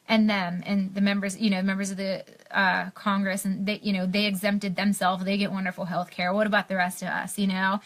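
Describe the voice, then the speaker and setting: A woman's voice: medium pitch, a bit bright. A young adult woman from the United States talking on a live stream, impassioned, with many fillers and restarts. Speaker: health blogger on a live stream.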